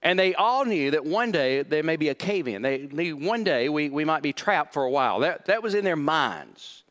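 A male pastor preaching a sermon, emphatic and repeating key phrases, swinging from hushed to loud. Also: on the high side, animated, moderate pace.

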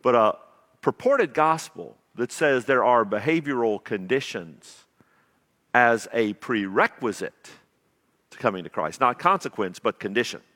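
A man preaching a sermon as pastor, swinging between loud emphasis and quiet asides. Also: medium pitch, animated, a little slow, long reverb tail.

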